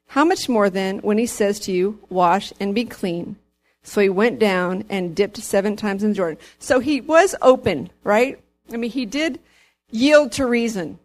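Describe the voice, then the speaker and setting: A woman's voice: fairly high pitch, measured pace. A woman leading an informal Bible teaching, reading scripture aloud and talking it over with fillers and asides. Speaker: bible study leader.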